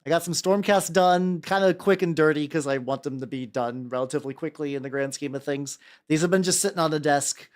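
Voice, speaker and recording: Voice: medium pitch, a little fast, few pauses. A VTuber streamer chatting casually at a desk while painting, rambling with many fillers, swearing casually and greeting chat by name. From United States. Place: home workshop desk.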